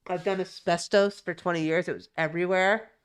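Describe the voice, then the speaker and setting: A young New Jersey woman, a streamer reading the news, chats casually on a live stream, swearing freely and reacting to chat. Her voice sits on the low side with a steady tone and a slightly quick pace. The clean, echo-free audio is studio quality.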